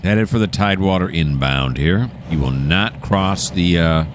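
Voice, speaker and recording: A low-pitched man talks his way through a railroad game in a relaxed, meandering way, often stopping to correct himself. A faint noise floor sits under his voice. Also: unhurried. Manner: rambling, self-correcting, chatty. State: hiccuping. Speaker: gameplay host. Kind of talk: casual game commentary.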